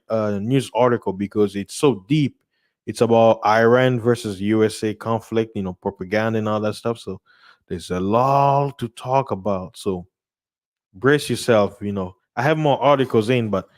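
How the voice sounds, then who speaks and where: A young man hosting a livestream, reading news articles aloud and breaking them down in a loose, rambling way, with frequent laughs and repeated words. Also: mid-range voice. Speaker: channel host reading news. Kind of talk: casual livestream commentary.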